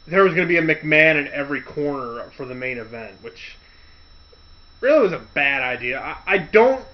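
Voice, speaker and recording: A man rambles through a casual podcast rant, circling back and restarting as he goes. His voice sits a bit high and he talks at a slow, unhurried pace. The audio is dull and lo-fi. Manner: rambling, loose storytelling with restarts and loud shouted impressions. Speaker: podcast host.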